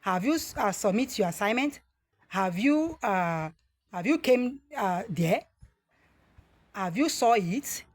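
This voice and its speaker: A woman from Nigeria with a Nigerian English accent, teaching a grammar lesson. She speaks slowly and deliberately, reads out model sentences and pauses often on "uh". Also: medium pitch, animated. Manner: slow, deliberate model sentences with frequent "uh" fillers.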